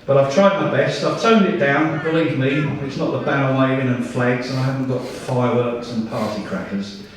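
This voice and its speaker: A man's voice: medium pitch, normal speed. Father of the bride, echoey hall. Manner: emotional, joking, self-deprecating. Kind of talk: wedding speech with singing. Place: large wedding reception hall. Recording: echoey hall recorded from far off.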